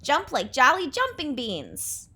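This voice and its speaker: A young adult woman teacher giving a remote class lesson, speaking clearly and patiently with an encouraging delivery. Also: high voice, huge pitch swings, slow pace, bright, forceful tone.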